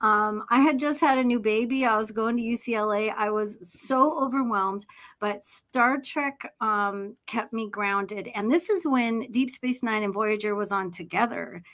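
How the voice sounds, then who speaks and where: A woman's voice: fairly high pitch, measured pace, fairly bright tone. A middle-aged woman on a podcast, talking enthusiastically and personally in a rambling way. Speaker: podcast co-host. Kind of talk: casual podcast chat.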